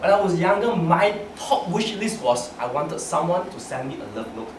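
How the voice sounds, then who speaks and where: A lively young adult man with a slightly high, swooping voice gives a humorous prepared personal speech at a club, telling funny stories about himself at a moderate pace and often laughing mid-sentence. He's recorded from some distance in an echoey meeting room with clear background noise.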